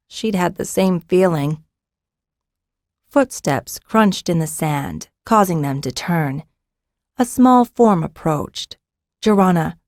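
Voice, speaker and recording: A woman narrating a fantasy audiobook in a steady, even storytelling voice. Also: fairly low pitch, no echo, clean studio sound.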